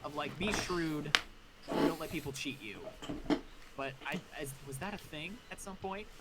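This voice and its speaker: A man's voice: on the high side, unhurried, very noisy. A man co-hosting a game stream, chatty and jokey, wandering into tangents and fun facts. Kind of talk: casual gaming chat.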